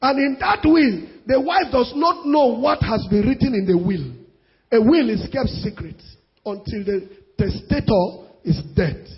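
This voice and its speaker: A Nigerian-accented preacher drives his sermon with repeated phrases and sudden shouted bursts. His voice is strikingly high and gravelly with a strained, husky edge. The recording is dull and lo-fi. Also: animated, unhurried. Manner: emphatic, repetitive, bursts of shouting. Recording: dull lo-fi sound.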